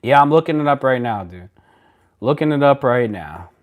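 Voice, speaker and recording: A man hosts a casual live stream, talking straight to his viewers at his computer mic. He is blunt and rambling, breaks off and restarts sentences, and swings from loud outbursts to low mutters. His voice sits at an ordinary middle pitch. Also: expressive, moderate pace. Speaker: livestream host. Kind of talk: casual live-stream chat reading comments.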